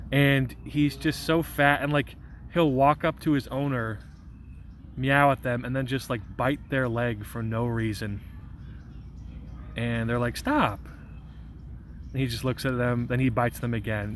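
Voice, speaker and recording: A young man rambles and jokes through a casual live vlog, reading out chat messages. He speaks slowly in a middle-pitched voice, with a faint outdoor hum behind him. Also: fairly bright tone. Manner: rambling, joking, goofy. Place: outdoors in a park.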